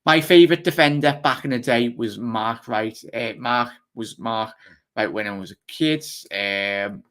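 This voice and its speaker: A man with a Liverpool accent hosts a live football fan stream. His voice sits at an ordinary middle pitch. He talks fast and casually, rambling through many fillers as he answers viewer comments. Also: fairly bright tone. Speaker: fan channel host.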